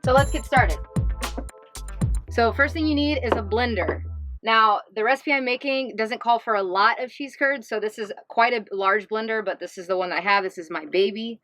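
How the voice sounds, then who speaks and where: A woman's voice: fairly high pitch, moderate pace, over music, rough recording. A woman hosting a casual cooking vlog as a plant-based chef, upbeat and chatty, from the US East Coast.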